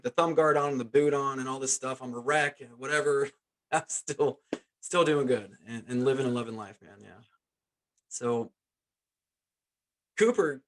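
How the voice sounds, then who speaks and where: Animated storytelling man around forty. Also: mid-range voice. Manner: animated, chuckling, keeps saying "man". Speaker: guest, former pro baseball player. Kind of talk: casual storytelling.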